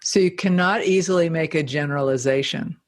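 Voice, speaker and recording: A woman's voice: deep voice, brisk. Female podcast host, friendly and probing, interview style. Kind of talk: interview questions.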